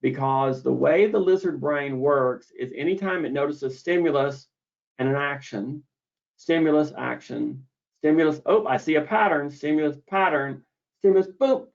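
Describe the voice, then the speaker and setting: Male lecturer, slightly high voice, measured and repetitive delivery, dull lo-fi recording. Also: expressive, creaky. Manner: deliberate, repeats key words for emphasis. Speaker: misophonia therapist explaining treatment. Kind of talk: explanatory lecture. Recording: dull lo-fi audio.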